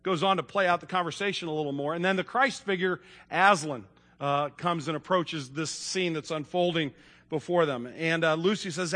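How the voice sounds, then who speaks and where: Bright high-voiced preacher in a reverberant hall. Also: male voice, moderate pace. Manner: folksy, animated, with fillers and repeated starts. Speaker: pastor. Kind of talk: sermon with read-aloud story. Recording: long reverb in a large room.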